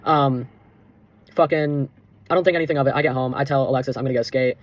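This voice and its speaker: A man's voice: mid-range voice, fairly even intonation, fast. A young man telling a personal story in a rambling, profane, heated vlog rant. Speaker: vlogger.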